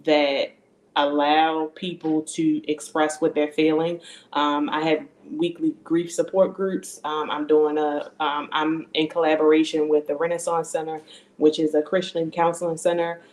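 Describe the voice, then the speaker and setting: A woman grief coach talking about her work in an interview, steady and with frequent "um" fillers, over a video call. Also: low-pitched. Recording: roomy echo.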